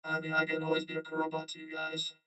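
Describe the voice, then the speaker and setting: A flat, synthetic robot voice. It stays rigidly monotone, with a buzzy synthesizer edge. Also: male voice, fairly high pitch, fast talker, clear, resonant tone, voice pushed up. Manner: monotone, mechanical. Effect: robot voice filter.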